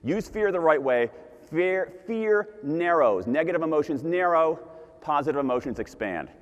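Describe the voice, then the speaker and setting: Guy giving a talk, kinda high voice, repeats points hard, echoing conference hall. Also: normal speed, muffled recording. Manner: animated, emphatic, repeats key points. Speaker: conference speaker. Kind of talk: keynote talk to a live audience. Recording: long hall reverb.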